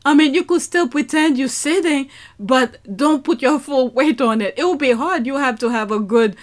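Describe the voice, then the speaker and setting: A woman's voice: high-pitched, moderate pace. A woman reacting to a video clip in casual commentary, breaking into laughter again and again. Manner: keeps breaking into helpless laughter.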